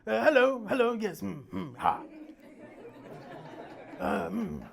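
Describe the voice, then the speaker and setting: A man's voice: high voice, sing-song, slow, creaky, some chatter behind, exaggerated voice. A man doing an impression of a bumbling prime minister, humming, grunting and hesitating. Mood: mumbling. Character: bumbling posh male prime minister, mumbling.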